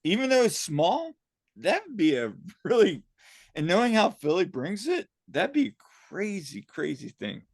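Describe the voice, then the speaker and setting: A man co-hosting a podcast, telling rambling, excitable stories in casual chat. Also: high-pitched, a little slow, no room sound. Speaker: podcast co-host.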